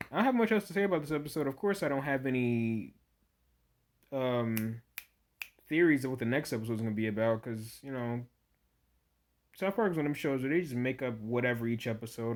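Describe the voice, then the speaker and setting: A man's voice: medium pitch, darkish tone. A man giving a casual, rambling spoken review of a TV episode, full of "you know" fillers and restarts.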